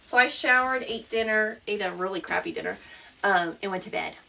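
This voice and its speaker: A woman's voice: mid-range voice, a little fast, gravelly, pushed and bright, recorded from a distance, slight background noise. A woman with a Southern accent, hosting a live-stream craft tutorial, chatting through the steps and answering viewers by name as she works.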